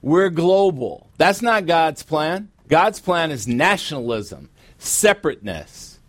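A middle-aged man preaching a sermon as pastor, with emphatic, drawn-out stresses. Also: a little high, very animated, no echo. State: sweating, warm from preaching. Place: church sanctuary.

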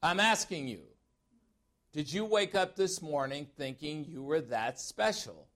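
Emphatic pastor from Chicago, preaching. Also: male voice, a little high, expressive, unhurried, a bit bright. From Chicago, USA. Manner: emphatic, asks the congregation direct questions. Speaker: pastor-teacher. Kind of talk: sermon.

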